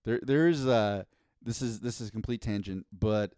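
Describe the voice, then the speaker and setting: A man's voice: fairly low pitch, normal speed, a little mellow, smooth, no room sound, studio quality. A man co-hosting a podcast in casual chat, giving opinions with eager restarts. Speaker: podcast co-host.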